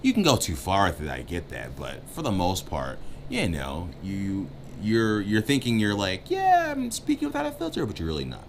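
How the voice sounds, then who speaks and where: A man co-hosting a dating advice chat, joking and talking without a filter, swinging between loud bursts and muttered asides. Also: sits low, big pitch swings, normal speed, few pauses, a little hiss or hum. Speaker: co-host giving dating advice. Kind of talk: casual uncensored chat.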